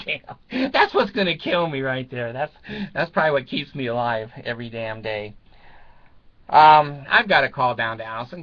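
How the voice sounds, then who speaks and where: A man's voice: mid-range voice, big pitch swings, moderate pace, a bit bright, muffled recording. An older man chatting casually to viewers in a rambling way, chuckling and swearing freely. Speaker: vlogger.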